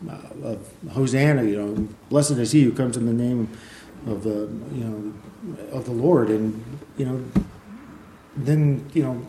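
A man with a warm, mellow voice gives a sermon, talking in a loose, conversational way and filling his speech with small asides. He reads scripture aloud between his own comments. The sound carries a roomy echo, as in a church hall. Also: medium pitch, a little hiss or hum. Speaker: preacher. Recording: echoey room.

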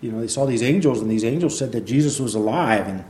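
Here a preacher's mid-range, warm and mellow voice moves quickly and expressively through a loose, conversational sermon dotted with asides. He breaks off his own commentary to read scripture aloud. The sound is echoey, like a church hall.

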